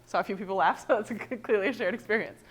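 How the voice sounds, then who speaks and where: A woman trainer presenting a workshop, lively and animated, often checking in with "right?". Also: medium pitch, very fast, husky.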